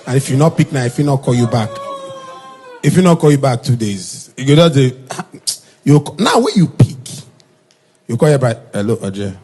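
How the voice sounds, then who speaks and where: A man telling comic stories in Nigerian Pidgin English, jumping into high, shouted voices for the people he quotes. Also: lively intonation, normal speed, long pauses, breathy edge. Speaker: stand-up comedian. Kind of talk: comic storytelling monologue.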